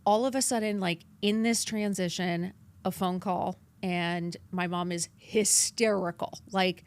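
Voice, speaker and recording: A woman in her fifties from New York, with a New York accent, telling her story as a podcast guest, animated and acting out her past lines in quotes. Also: fairly low pitch, measured pace, clean tone. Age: 50s. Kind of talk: candid interview storytelling.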